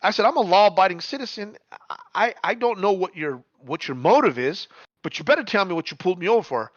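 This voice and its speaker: A middle-aged man telling a story in casual chat, animated, repeating words and swearing freely. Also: high voice, fast, no echo, lo-fi sound.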